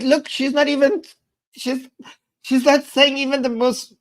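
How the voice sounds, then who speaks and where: A man's voice: very high voice, little pitch movement, a little slow, a faint crowd. A man hosting his channel, reacting to a clip in casual commentary, sarcastic and incredulous, often repeating himself. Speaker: channel host.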